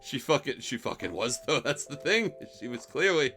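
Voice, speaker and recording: Bright-voiced man swearing through a story. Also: medium pitch, sing-song, normal speed, soft background music. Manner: profane, rambling, exasperated. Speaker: streamer telling stories. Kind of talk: casual storytelling.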